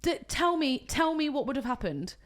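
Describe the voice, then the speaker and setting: A British woman and wedding coordinator, co-hosting a podcast and telling an animated story full of acted-out quotes. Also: high-pitched, normal speed. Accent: British English. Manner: animated storytelling, acts out quotes, swears casually. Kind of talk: casual chat, storytelling.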